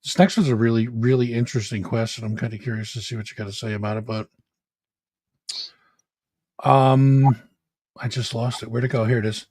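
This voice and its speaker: A man's voice: mid-range voice, fairly even intonation, a little fast, long pauses, darkish tone, husky, no room sound. A man hosting an interview, casually reading out audience questions with easygoing asides.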